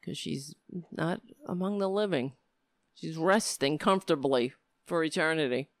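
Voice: mid-range voice, normal speed, no echo, clean studio sound. A middle-aged livestream host talking straight to viewers, ranting in a heated, profane way and sometimes slipping into easygoing chat. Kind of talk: casual livestream talk.

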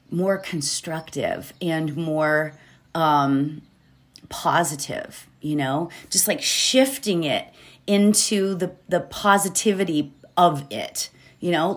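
A woman hosting a positivity podcast, talking casually and rambling a bit, often checking in with "right?" and laughing. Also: sits low. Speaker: podcast host. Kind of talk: casual motivational podcast talk.

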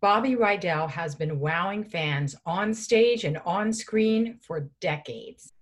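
A woman's voice: lowish voice, animated, slow. A woman hosting an interview show, chatting casually and laughing easily. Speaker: show host.

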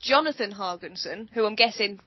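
A woman's voice: medium pitch, expressive, moderate pace, slightly rough, dry recording. A woman co-hosting a casual movie chat, chatty and giggly, stumbling over foreign names. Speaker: podcast co-host. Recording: dull lo-fi, dry sound.

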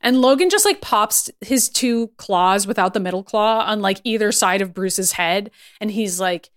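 A woman's voice: mid-range voice, lively intonation. A woman co-hosting a podcast, casually recapping a cartoon, laughing often and acting out lines. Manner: laughing often, acts out lines in quick voices. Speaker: podcast co-host.

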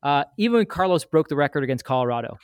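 A man casually telling an animated, rambling story full of asides, as a guest on a podcast. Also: fairly high pitch, rapid-fire, clean tone, no room sound, clean studio sound. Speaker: guest sharing a fan memory.

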